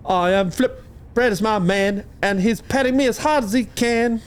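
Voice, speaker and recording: Cheeky pampered tomcat, crude and sing-song, pitched up higher than an everyday man's voice, as a podcaster puts him on. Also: normal speed, clean tone, natural voice. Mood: smug. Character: pampered male pet cat speaking.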